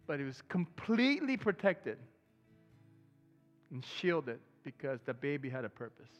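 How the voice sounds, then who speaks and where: A man preaching a sermon as pastor, talking to the congregation in a relaxed way and breaking into loud excited bursts. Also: a little high, a little slow, highs cut off, faint music behind.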